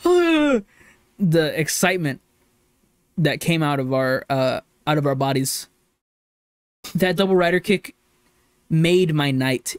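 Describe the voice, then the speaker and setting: A fairly high-voiced man co-hosting a podcast who gushes with excitement and often leaps up in pitch. The sound is dry and close, with no room around it. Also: smooth, dry recording. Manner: excitable, gushing, gasps and jumps up in pitch when delighted. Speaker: podcast co-host. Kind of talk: casual chat.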